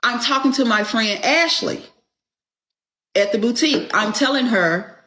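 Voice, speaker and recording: Slow-talking, blunt storytelling woman. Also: on the high side, pushed and bright. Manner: blunt, exasperated, swears freely. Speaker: podcast host. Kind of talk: casual storytelling chat.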